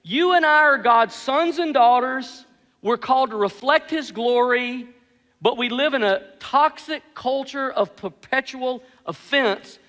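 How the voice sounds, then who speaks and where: A man preaching a sermon as pastor, telling stories with animated, self-mocking humor. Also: extremely high pitch, measured pace, in a large hall.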